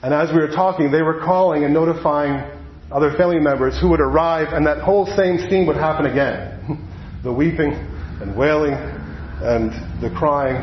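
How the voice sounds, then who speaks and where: A man preaching a sermon, telling a personal story in an earnest way and slowing down on the heavy moments. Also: fairly high pitch, slight background noise. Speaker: pastor. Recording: echoey hall, dull lo-fi sound.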